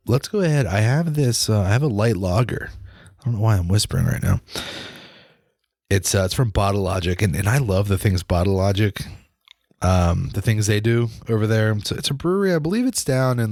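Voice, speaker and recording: A man talks through a casual solo podcast in a fairly low voice. He rambles and restarts his sentences often. The sound is close and dry, with no room echo. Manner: rambling, many restarts and fillers. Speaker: podcast host. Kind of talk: casual solo podcast about football and beer.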